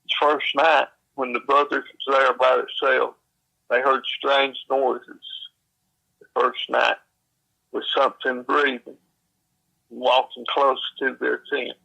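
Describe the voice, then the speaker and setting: A man, slowly retelling a secondhand encounter in plain, folksy speech with frequent fillers. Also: mid-range voice, little pitch movement, vocal fry, bright, forceful tone, highs cut off. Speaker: storyteller.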